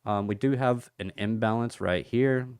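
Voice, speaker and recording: The host of this casual crypto chart-analysis livestream has a smooth, clear, lowish voice and speaks at a moderate pace while taking his time. Relaxed and chatty, he greets viewers by name, reads out their comments, and thinks aloud over price levels, all in a dry, close recording with no echo.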